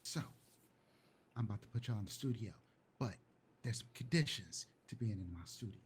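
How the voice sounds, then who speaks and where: A man's voice: lowish voice, lively intonation, moderate pace, a little hiss or hum, natural voice. A man voicing an eccentric, bossy male music producer who sets strange rules in a drawling manner.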